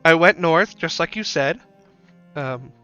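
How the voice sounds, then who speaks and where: A nervous, sheepish messenger, as a man voices him in a tabletop game, halting and apologetic, his voice a bit raised. The recording is dull and lo-fi, with faint music behind. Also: fairly high pitch, sharp tone, clear, resonant tone, pitched above the performer's own voice.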